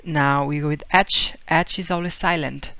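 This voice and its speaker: A man's voice: a little high, steady tone, normal speed, bright, forceful tone, smooth, no echo. A man giving a casual video language lesson, explaining with fillers and repeating example words as he acts them out. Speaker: Spanish teacher.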